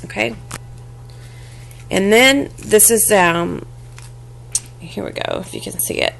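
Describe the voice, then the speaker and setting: A woman casually showing a handmade craft box and mini album to the camera, halting often with fillers and restarts and apologizing as she handles things. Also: medium pitch, expressive, vocal fry, fairly bright tone. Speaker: crafting vlogger. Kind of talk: casual show-and-tell craft demo.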